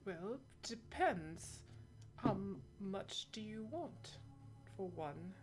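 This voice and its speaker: A woman voicing a brisk woman shopkeeper who sells birds, businesslike and dryly teasing. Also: medium pitch, animated, darkish tone, faint music behind, pitched above the performer's own voice.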